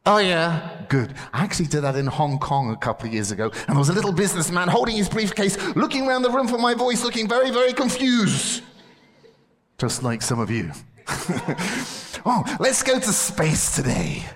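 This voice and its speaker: A man's voice: sits high, very animated, normal speed. A man entertaining children at a camp as a ventriloquist, playful and jokey, mixing gags with encouragement about faith. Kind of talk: lively children's show with preaching. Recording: hall reverb.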